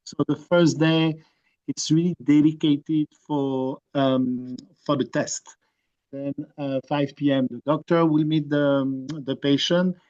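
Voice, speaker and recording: A man with a French accent presenting a program in an online presentation, halting often with fillers and restarts over a video call. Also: fairly high pitch, fairly even intonation, a little mellow, muffled recording. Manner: hesitant, many fillers and restarts.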